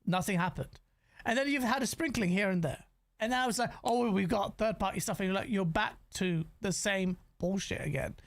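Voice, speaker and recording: A man hosting a gaming podcast in casual chat, ranting in an animated way, swearing freely and stumbling over restarts. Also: high voice, normal speed.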